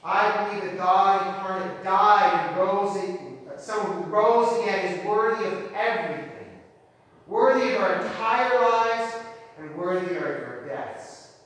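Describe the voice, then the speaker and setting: A man preaching a sermon and telling a story, earnest, slowing down on key phrases. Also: high voice, fairly bright tone. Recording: echoey hall, distant mic.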